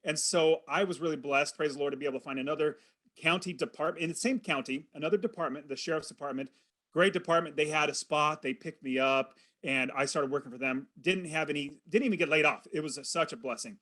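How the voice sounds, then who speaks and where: A man's voice: a little high, fast, pushed and bright. A middle-aged man, a podcast guest, earnestly telling a personal story and acting out his own thoughts as he goes.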